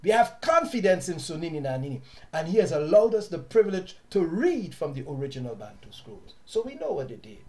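A man with a southern African accent teaching his audience in an impassioned, preachy way, sometimes loud and sometimes hushed. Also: fairly high pitch, big pitch swings, a little fast, few pauses. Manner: preachy, repeats words, shifts from loud to hushed. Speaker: online teacher and host.

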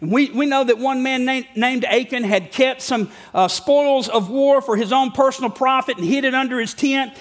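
A middle-aged man with a very high-pitched voice preaches to his congregation in a church. His delivery is folksy and joking, and he bursts into shouts to drive a point home. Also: normal speed, few pauses. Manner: folksy and humorous, rising to shouts for emphasis. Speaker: pastor. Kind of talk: sermon. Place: church sanctuary before a congregation.

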